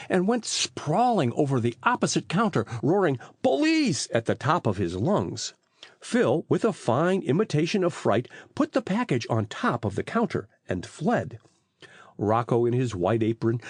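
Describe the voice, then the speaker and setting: A man narrating an audiobook in a lively, expressive reading style on a close mic. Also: fairly high pitch, no room sound. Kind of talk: storybook narration.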